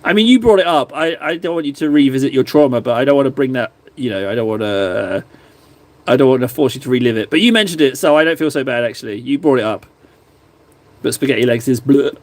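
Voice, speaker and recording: A man's voice: medium pitch, lively intonation, fast. A man hosting a live stream, chatting casually and self-deprecatingly while he paints miniatures, often drifting off topic. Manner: rambling, self-deprecating, easily sidetracked. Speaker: livestream host painting miniatures.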